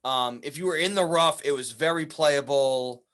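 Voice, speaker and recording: Golf podcast co-host, man, slightly high pitch, dry jokes, relaxed chat. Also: normal speed. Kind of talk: casual chat.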